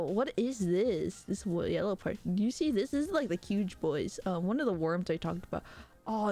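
A woman streaming live who chats casually with her viewers, animated and prone to high squealing outbursts and laughter.

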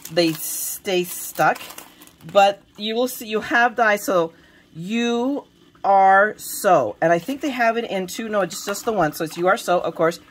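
A woman's voice: on the low side, slight background noise. Brief: woman craft vlogger, chatty, rambling, self-deprecating, filming herself at home. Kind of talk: casual show-and-tell of craft supplies.

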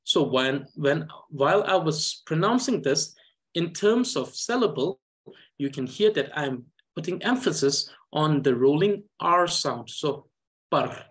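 A man's voice: on the high side, animated, measured pace. A man with a Tibetan accent teaching a reading lesson, explaining pronunciation patiently and repeating syllables for students to follow.

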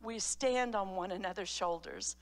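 A middle-aged pastor's wife giving an earnest storytelling testimony sermon at a church meeting, growing fervent. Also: female voice, medium pitch, moderate pace, gravelly. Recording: church hall reverb.

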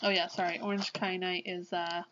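A woman vlogger chatting casually through an unboxing, gushing and excitable, often apologizing as she shows things. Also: lowish voice, moderate pace, highs cut off, background noise.

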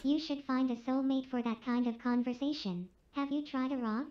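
A woman voicing a snippy female cartoon cat, high and teasing, muffled game sound. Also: normal speed, natural voice. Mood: sassy. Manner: prim, teasing comebacks. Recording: slightly dull game audio with faint hiss.

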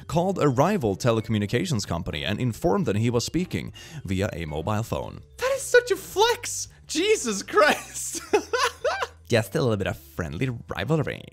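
A young man giving casual, animated commentary as he reacts to posts, laughing often. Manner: animated, laughing, swings in pitch. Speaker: host.

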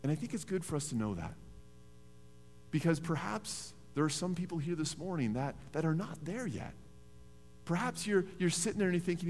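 A man, a pastor preaching a sermon in a church in a conversational, animated storytelling way. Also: fairly high pitch, normal speed, slight background noise. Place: church sanctuary. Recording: reverberant church hall.

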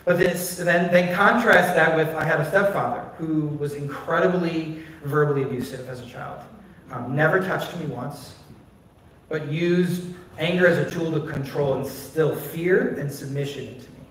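A man pastor with a fairly high voice tells personal stories from the pulpit in a candid, conversational way, leaning on casual filler words. He sounds far from the phone that records him, and the big sanctuary rings with heavy echo. A faint hiss of noise sits under the sound. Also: normal speed, fairly bright tone. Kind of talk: personal storytelling sermon. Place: church sanctuary. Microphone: phone recording from a distance. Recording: distant, very echoey phone stream of a church.

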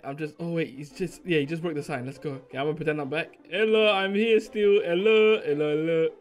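High-voiced young guy goofing around on a gaming vid, mumbles then shrieks, little music under it. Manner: excitable, jokey, swings between mumbling asides and shrieking. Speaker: Minecraft YouTuber. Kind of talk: playful gaming commentary. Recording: faint background music.

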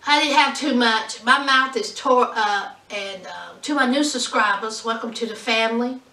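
A woman's voice: a little high, moderate pace, sharp tone, echoey room, recorded from a distance, poor audio. A woman from southwest Virginia with a thick Southwest Virginia accent, chatting to her viewers in a sassy, drawling way with lots of ums. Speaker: vlogger. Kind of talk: casual chat to camera.

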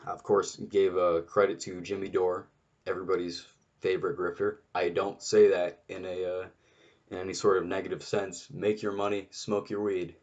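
A man's voice: low-pitched, flat delivery, moderate pace, lo-fi sound. A man giving an unscripted solo political rant, exasperated and sarcastic, swearing often and restarting his sentences. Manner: many restarts and fillers. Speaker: political commentator.

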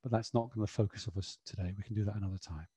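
Husky, mellow man presenting. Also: fairly low pitch, fairly even intonation, rapid-fire, no echo. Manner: chatty, explanatory, frequent "you know". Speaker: webinar presenter. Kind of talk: educational webinar talk.

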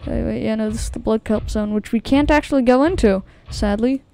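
Jumpy woman narrating a game, higher voice. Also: fairly quick, vocal fry, mellow. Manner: jumpy and easily startled, repeats phrases nervously; talks to her viewers directly. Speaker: video game streamer. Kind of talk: let's-play gameplay commentary.

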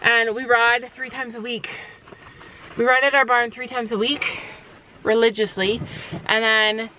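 Brief: middle-aged woman vlogger, chatty, slightly high voice, dull recording with faint outdoor noise. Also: little pitch movement, a little slow, bright, forceful tone. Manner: chatty, talks to pets in a high baby voice. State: out of breath. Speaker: vlogger, horse owner and mother. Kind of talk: casual vlog chat.

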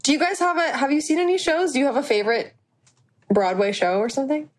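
A woman's voice: sits high, fast talker. A young woman chatting as a podcast guest, enthusiastic and talkative. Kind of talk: casual chat.

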